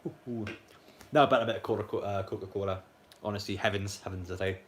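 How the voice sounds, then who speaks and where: Young Geordie man, fast, blunt, rambling stream chat; faint room hum underneath. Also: lowish voice, fairly even intonation. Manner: rambling, blunt, frequent fillers and restarts. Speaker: live stream match commentator. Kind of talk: casual live stream chat and commentary.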